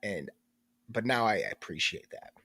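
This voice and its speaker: With a congested, stuffed-up voice, this male podcast co-host chats casually and tells stories with lively humor. He sounds husky and unhurried, his pitch on the low side, recorded in clean studio sound with no room noise.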